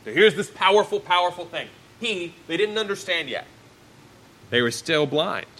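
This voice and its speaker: A man's voice: high voice, expressive, moderate pace, pushed and bright, a little hiss or hum, poor audio. A man preaching a sermon, reading Bible verses aloud and then explaining them in plain, everyday words.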